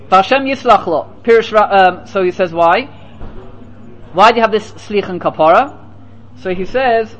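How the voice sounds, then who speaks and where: Male Talmud teacher, very high-pitched, storyteller who quotes source texts and explains in English. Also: dull audio. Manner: mixes quoted Aramaic and Hebrew phrases with English explanation; storytelling, grows animated at emotional points. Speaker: Torah teacher. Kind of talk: Talmud lesson.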